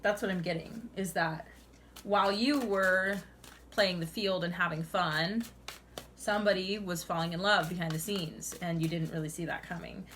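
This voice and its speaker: A young woman talks through a tarot reading in a loose, chatty way, filling her lines with "like" and "you know what I mean", and breaking into laughter now and then. Her voice sits a little low for a woman. There is a faint hiss of noise behind her. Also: fairly even intonation, normal speed, fairly bright tone. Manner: chatty, many "like"s, laughs often, addresses listener as "honey". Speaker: tarot reader.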